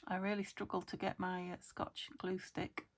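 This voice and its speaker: A British woman chats casually to herself while working on a junk journal, thinking aloud and often dropping into a whisper. Her voice is medium-pitched with little pitch movement, at a moderate pace.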